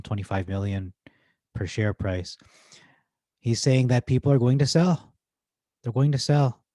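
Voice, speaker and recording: Male host in his thirties, rambling stock-talk commentator, warm mellow voice, dry close sound. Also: lowish voice, no echo. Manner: excitable, rambling, self-correcting. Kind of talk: casual stock commentary reading forum posts.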